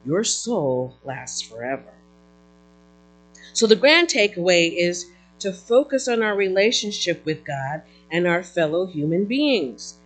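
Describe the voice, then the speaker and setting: An animated preacher delivers a sermon, the voice swooping up and down on key words. Phrases restart and repeat as the thought builds, with quick call-outs to the listeners. The pitch sits mid-range and moves a great deal. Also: low-quality recording. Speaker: pastor.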